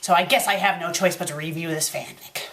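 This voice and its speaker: A woman hosting a comedic fanfic review, melodramatic, swinging between shouted threats and hushed whispers to calm herself. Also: fairly low pitch, a little fast. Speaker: fanfic reviewer, show host.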